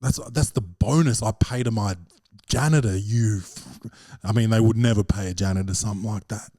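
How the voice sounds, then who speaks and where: A man's voice: on the low side, moderate pace, mellow, no room sound, clean studio sound. An Australian man hosting a podcast as a comedian, rambling and profane, peppering his talk with slang. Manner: profane, rambling storyteller, slangy with repeated "bro". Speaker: podcast host and stand-up comedian. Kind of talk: casual rambling monologue.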